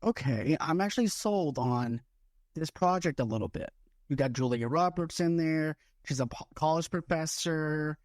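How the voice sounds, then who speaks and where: A man's voice: lively intonation, normal speed, no room sound. Jokey male podcast co-host, dry close mic. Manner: jokey, chatty, weighs each pitch aloud. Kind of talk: casual podcast chat, mock pitch role-play.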